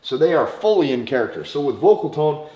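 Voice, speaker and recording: A man's voice: on the high side, sing-song, a little fast, mellow. A man with a North Dakota accent, teaching in an emphatic way, repeating key phrases and checking in with "okay?". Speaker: dating coach. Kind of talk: instructional talk to camera. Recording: echoey room.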